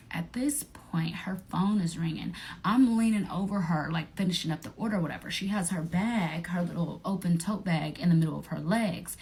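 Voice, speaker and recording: A young woman, telling a profane storytime vlog in an animated way and acting out her friends' voices. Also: on the low side. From Atlanta area, United States.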